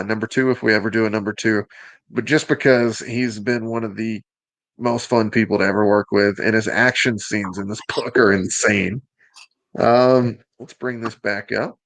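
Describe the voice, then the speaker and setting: A man's voice: fairly low pitch, dry recording. A man from Alabama with a Southern accent hosting a show, presenting in an upbeat, joking way with teasing asides. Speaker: host.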